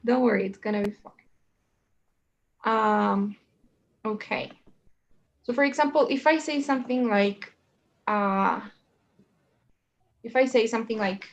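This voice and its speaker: A woman's voice: on the high side, unhurried, long pauses, dull audio. A woman teaching a one-on-one English lesson, explaining in a chatty way and often checking with "right?" and "you know?".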